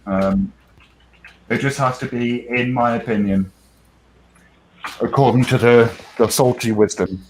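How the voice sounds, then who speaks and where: New Hampshire guy hosting a loose online hangout, chatty and quick to laugh at himself. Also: mid-range voice, steady tone, darkish tone, slight background noise, low-quality recording. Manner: rambling, self-deprecating, laughs often. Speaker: stream host. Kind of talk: casual chat.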